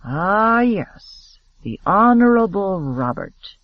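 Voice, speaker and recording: A man's voice: a little high, sing-song, moderate pace, dry recording, narrow, tinny audio. A man voicing a sardonic, brooding young gambler in an audiobook, speaking in a curt, sarcastic way. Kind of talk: audiobook character voice.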